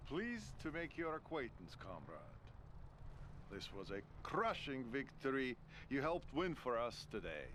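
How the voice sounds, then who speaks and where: An actor playing a confident Soviet major, speaking formally and courteously in a video game cutscene. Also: male voice, medium pitch, very animated, unhurried. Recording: game audio with clear background noise.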